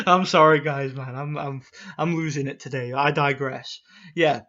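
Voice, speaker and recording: A man in a casual vlog rant, swearing freely and tripping over repeated words. His voice sits a little high and sounds bright and sharp. The audio is dull and lo-fi. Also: steady tone, moderate pace. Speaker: boxing YouTuber.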